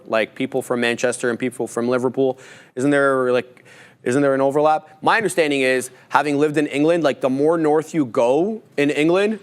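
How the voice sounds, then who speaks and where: Loose joking man musing on air. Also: medium pitch. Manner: loose, joking, thinks aloud. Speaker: trading show co-host. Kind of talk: live market commentary and banter.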